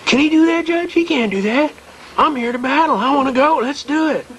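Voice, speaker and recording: A man voicing an excited male truck driver who insists on fighting his case in court. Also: very high voice, fast, slight background noise, voice pushed up, exaggerated voice. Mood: eager, insistent.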